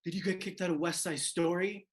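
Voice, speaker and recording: A man's voice: sits high, fairly even intonation, brisk, a little hiss or hum, lightly acted. A man voicing his confused father, who has just been woken up at midnight. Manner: bewildered.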